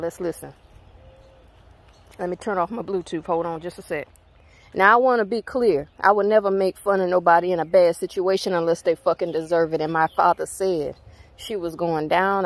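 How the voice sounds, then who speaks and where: A woman's voice: lowish voice, no echo. Profane Southern woman ranting. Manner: profane, blunt, emphatic. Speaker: spiritual channel host. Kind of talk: heated rant to viewers.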